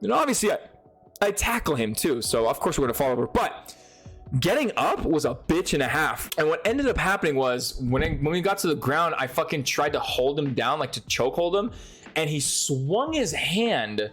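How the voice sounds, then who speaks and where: A young man talks straight into his camera, telling a story in a loose, swear-laden rush. His voice swoops up and down with lively energy. Faint music plays quietly underneath. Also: on the high side, normal speed, breathy edge. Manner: profane, excitable, lively storytelling. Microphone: speaking to a camera.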